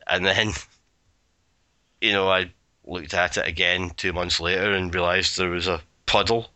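Man, chatty guest; rambling, giggly, swears a lot; very bright, crisp tone with a dry, close sound. He laughs through his own stories. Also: sits low, steady tone, measured pace, long pauses, dry recording. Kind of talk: casual chat.

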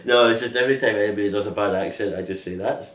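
A man's voice: fairly low pitch, racing, a bit bright, lo-fi sound, a little hiss or hum. A man co-hosting a podcast, with wry, dry humour and frequent laughter in casual banter, recorded in a comedy club room. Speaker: podcast co-host. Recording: roomy sound from a distant mic.

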